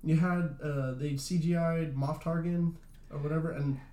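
A man's voice: fairly high pitch, fairly even intonation, normal speed, warm tone, slight background noise. A young man chatting casually as co-host. He rambles, fills his speech with "like" and swears freely. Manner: rambling, swears a lot, says "like" often. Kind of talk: casual chat. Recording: roomy echo.

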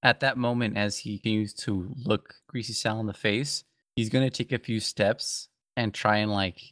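A player at a tabletop game, animated and laughing in casual talk. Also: medium pitch, normal speed, dry recording, clean studio sound.

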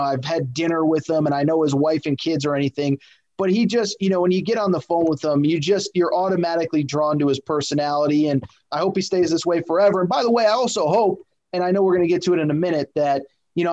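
A man's voice: on the high side, a little mellow. A man co-hosting a casual sports podcast, talking in a rambling, emphatic way with many fillers and restarts. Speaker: sports media podcast co-host. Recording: dull lo-fi audio.

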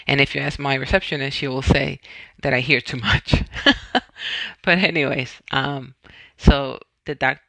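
A man's voice: medium pitch, fairly even intonation, unhurried, creaky, bright, forceful tone, dry recording. A man from Puerto Rico, a podcast host, retelling his own health story in a conversational way and often correcting himself.

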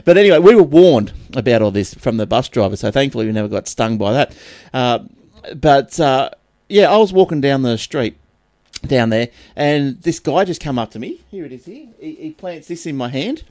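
An Australian man chatting casually on a podcast, telling lively stories, acting out other people's voices and laughing often. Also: mid-range voice, moderate pace, dry recording. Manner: animated storyteller, acts out voices, laughs often. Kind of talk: casual chat.

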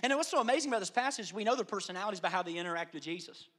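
A man pastor delivering an animated sermon, dropping to hushed asides and rising to loud emphasis. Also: high voice, racing.

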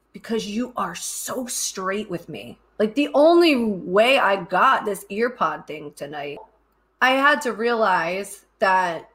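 A woman's voice: medium pitch, a bit bright. A woman co-hosting a podcast who talks in an effusive, self-deprecating way and laughs often, in a casual chat. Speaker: podcast co-host.

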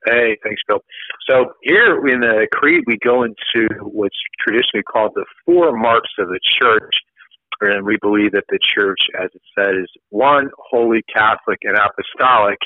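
A man, a priest, talks through church teaching in a relaxed, rambling manner, his low voice squeezed into a thin, phone-like sound. The recording is dry, with no room around it. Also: normal speed, no room sound. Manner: conversational, with fillers and restarts. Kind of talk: casual catechism teaching.

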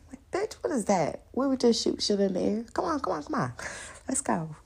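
Woman, casual podcast host, husky voice, laughs a lot, acts out quotes. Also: medium pitch, brisk. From New York and the countryside. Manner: loud animated storytelling, laughing, acting out quotes. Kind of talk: casual solo podcast chat.

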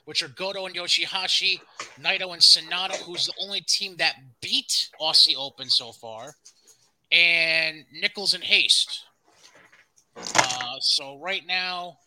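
A man's voice: a little high, pushed and bright, slight background noise, low-quality recording. A man hosting a casual wrestling podcast, loose and rambling, with plenty of ums. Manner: loose and rambling, swears, fills gaps with um and uh. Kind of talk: casual wrestling news chat.

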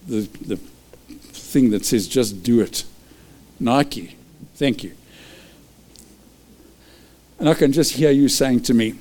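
Male preacher, fairly high and mellow, punchy repeated calls to act. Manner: lively, repeats short exhortations, chuckles often. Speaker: pastor. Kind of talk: sermon.

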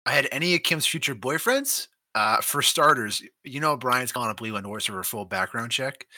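A man co-hosting a casual movie podcast, animated and laughing as he acts out scenes. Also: mid-range voice, no echo. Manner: animated, laughing, acting out scenes in quick voices. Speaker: podcast co-host. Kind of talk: casual movie-discussion chat.

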